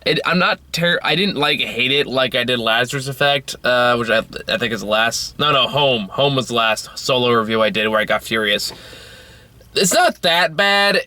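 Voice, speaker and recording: A man's voice: mid-range voice, lively intonation, moderate pace, bright, forceful tone, no room sound. A tired young man reviewing a film on his own, rambling and swearing with frequent restarts. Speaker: movie reviewer. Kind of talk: casual solo film review.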